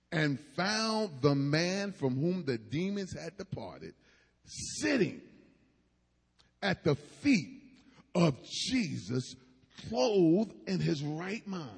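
A man's voice: fairly high pitch, creaky, slightly rough, in a large hall. A man preaching a sermon with emphatic cadence and asides to the congregation.

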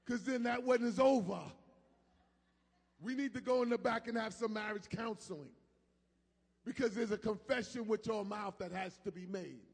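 High-voiced preacher in a reverberant hall. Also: male voice, normal speed, husky. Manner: preaching with sudden shouted peaks and soft asides. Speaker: pastor. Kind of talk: sermon.

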